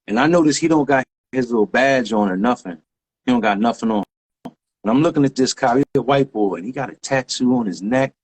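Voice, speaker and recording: A man, a graffiti writer guest telling a story in lively street slang with sound effects. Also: mid-range voice, fairly quick, breathy edge. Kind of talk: animated storytelling.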